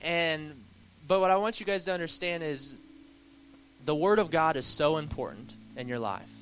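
A young man teaching a Bible study at church in a relaxed, conversational way, with filler words and restarts. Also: a little high, normal speed, slight background noise, low-quality recording. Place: church hall.

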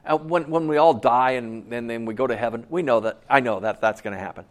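A man's voice: medium pitch, brisk, pitched below the performer's own voice, natural voice. A male pastor retelling the words of a worried grieving woman in his sermon, in his own casual voice. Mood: fretful.

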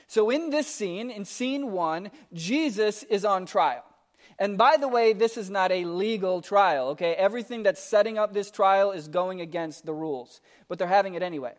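A man's voice: high-pitched, normal speed. A man preaching a sermon, reading scripture aloud and then explaining it in a conversational, emphatic way with asides to the congregation. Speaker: pastor.

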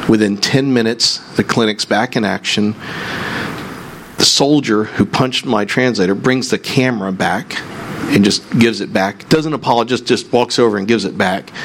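A man preaching a sermon, telling a story with animated, rising excitement before settling into prayer. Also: mid-range voice, a little hiss or hum. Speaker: pastor.

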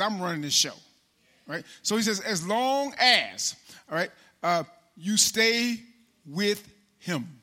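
A man preaching a casual sermon in a church, talking straight to the congregation and calling people by name, then slowing down to read scripture aloud. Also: high-pitched, sharp tone. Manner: conversational, addresses congregation by name, slows for scripture. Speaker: pastor.

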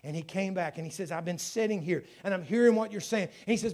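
A man preaching as pastor, telling a story and building to fervent, louder passages. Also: high-pitched, fast talker, few pauses. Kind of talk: sermon.

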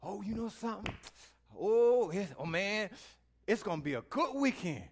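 A man with a high voice delivers a sermon, talking straight to his listeners in a folksy, chatty way. He moves from quiet, thoughtful asides to loud, drawn-out calls to praise. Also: very animated, a little hiss or hum. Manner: swings from quiet musing to loud exhortation; folksy, speaks to the listeners directly. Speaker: preacher.

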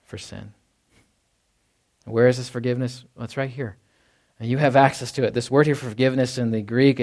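This sermon comes from a man whose voice sits at medium pitch with a darkish tone. His preaching is conversational, full of restarts and repeated words, and he frequently performs the voices of ordinary people.

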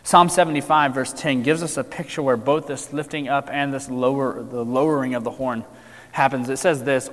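Earnest preacher in a reverberant hall. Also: male voice, medium pitch, fairly even intonation, moderate pace. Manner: earnest, emphatic with wide swings in loudness. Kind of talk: sermon. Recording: long reverb of a large hall.

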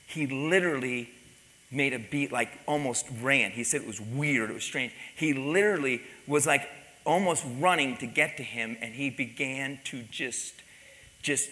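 Male preacher, sharp bright tone, animated storytelling, echoing church hall. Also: mid-range voice, normal speed. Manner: animated, repeats words, drops to quiet intense tones. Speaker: pastor. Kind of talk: sermon storytelling. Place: church sanctuary. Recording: long reverb in a large hall.

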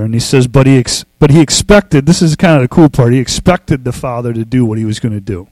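Relaxed, conversational male preacher. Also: medium pitch, dry recording, rough recording. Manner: relaxed, conversational, with fillers and restarts; reads scripture slowly and emphatically. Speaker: pastor. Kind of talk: casual sermon.

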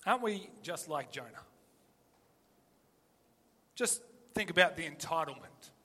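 A man preaching an animated, emphatic sermon full of rhetorical questions. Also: on the high side, measured pace, big-room sound.

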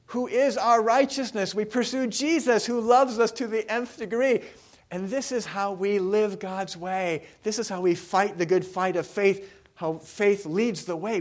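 A man preaching a sermon, talking casually with the congregation and asking them questions. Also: high voice. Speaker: pastor.

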